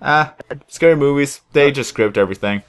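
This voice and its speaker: A man's voice: mid-range voice, normal speed, clear, resonant tone, soft background music. A young man hosting a gaming video, chatting casually and rambling in a laid-back way over a headset while he plays. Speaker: gaming channel host. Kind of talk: casual chat while playing a game.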